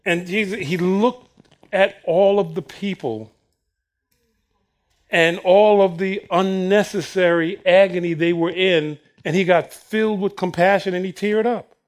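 This preacher has a high-pitched voice and talks a little slowly. Animated throughout his sermon, he voices the Bible characters' lines and laughs in bursts.

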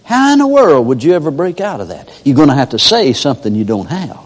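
An older man preaches in a folksy storytelling way, his voice lively and sweeping, a little higher than most men. It rings out with a long hall reverb. He slips into characters to make his point. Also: fast. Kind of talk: sermon.

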